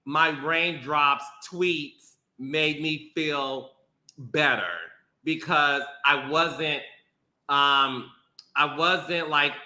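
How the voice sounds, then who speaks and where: Animated chatty man with a bright voice. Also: fairly high pitch, reverberant. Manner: animated, playful, laughs often, then slow and emotional. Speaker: podcast host. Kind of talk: casual chat.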